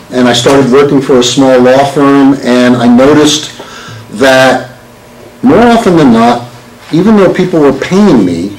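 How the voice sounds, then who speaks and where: Joking lawyer quizzing a room. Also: male voice, medium pitch. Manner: jokey, quizzes the audience. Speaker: entertainment lawyer giving a talk. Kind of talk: live presentation to an audience. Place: meeting hall with an audience. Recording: roomy hall with faint noise.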